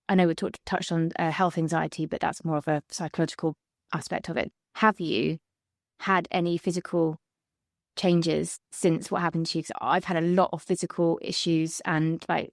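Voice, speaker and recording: A woman hosting a podcast in a candid conversation, open and chatty, laughing easily with quick asides. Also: on the low side, fairly even intonation, no room sound, clean studio sound. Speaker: podcast host.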